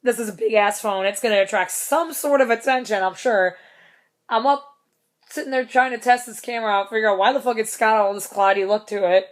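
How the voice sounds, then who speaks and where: A woman's voice: fairly high pitch, a little fast. A young woman recounting a night at a show in a casual vlog. She talks in a loose, rambling way, swears often and laughs through the funny parts. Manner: chatty, swears a lot, laughs often, acts out quotes. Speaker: concert fan telling a story.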